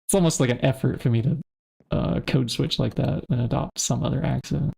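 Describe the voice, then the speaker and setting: He talks fast, just a little, in a medium-pitched voice that's gravelly, warm and husky. The man is streaming a modded game, chatting casually and thinking aloud, mumbling to himself as he hunts through items.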